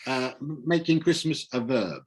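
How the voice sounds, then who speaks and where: A man's voice: mid-range voice, animated, measured pace. A British man hosting an online poetry reading, jovial and teasing. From Britain. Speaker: host.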